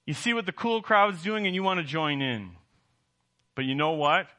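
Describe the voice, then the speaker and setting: A middle-aged man from the Southern United States delivers a sermon as pastor. His voice is very bright and a little high, and he keeps putting questions to the congregation. His delivery rises and falls with animation.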